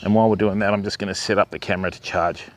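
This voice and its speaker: A man's voice: fairly low pitch, little pitch movement, very fast, noisy background. An Australian man hosting a live stream outdoors at a wildlife park, chatting with viewers and talking up to the animals in a raised voice. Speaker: livestream host.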